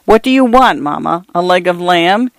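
Woman doing a teasing loud young guy in a storybook reading, pitched up, dry studio sound. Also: animated, moderate pace, vocal fry, no echo. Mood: gleeful mockery. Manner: cries out gleefully, teasing. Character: mocking grown son, boisterous young man.

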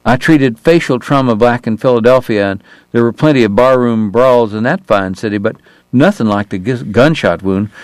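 A man voicing an exhausted, courtly Southern gentleman dentist, wheezy and formal with dry irony. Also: medium pitch, no room sound, lightly acted. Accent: American Southern. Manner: formal, elaborate, softly ironic.

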